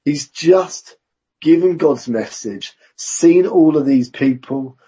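A man preaching a sermon in a church, measured and conversational with self-aware asides. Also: on the high side, mellow, slightly rough. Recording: dull lo-fi recording.

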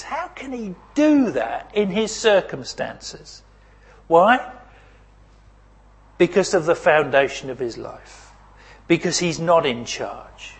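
Slow husky guy preaching, voice a bit high, goes loud then really quiet. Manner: dramatic shifts between loud emphasis and near-whisper. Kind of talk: sermon.

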